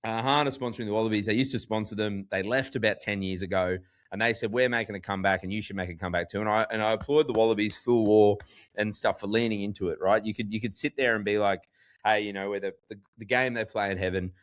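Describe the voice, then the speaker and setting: A man with an Australian accent, co-hosting a podcast in casual chat, full of "like" and animated storytelling. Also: lowish voice, fast. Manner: chatty, heavy use of "like", animated storytelling. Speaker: podcast co-host.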